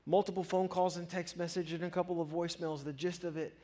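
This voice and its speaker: A pastor preaching a sermon, telling a personal story with earnest honesty and swelling louder as his feelings rise. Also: high-pitched, flat delivery, quick pace.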